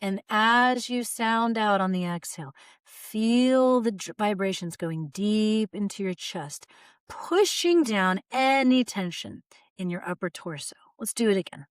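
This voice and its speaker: A woman voice coach calmly guiding listeners through relaxation exercises, modeling sighs and open "ah" sounds. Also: mid-range voice, unhurried, clear, resonant tone, dry recording, studio quality. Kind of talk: guided vocal exercise instruction.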